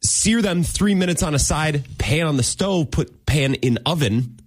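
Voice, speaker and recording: A man's voice: on the high side, lively intonation, measured pace. A man co-hosting a morning radio show, telling an everyday story in casual, self-deprecating chat. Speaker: radio co-host.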